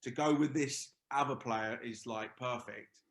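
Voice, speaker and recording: A man's voice: medium pitch, a little slow, creaky. Roomy-sounding man telling stories. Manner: rambling, many restarts and quoted asides. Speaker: podcast guest, former professional footballer. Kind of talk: casual chat, storytelling. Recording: roomy echo.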